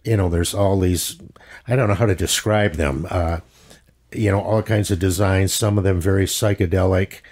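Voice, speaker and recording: A man's voice: sits low, steady tone, normal speed, a little mellow. A man co-hosting a podcast, easygoing and a bit rambling, searching for words as he describes things. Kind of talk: casual chat.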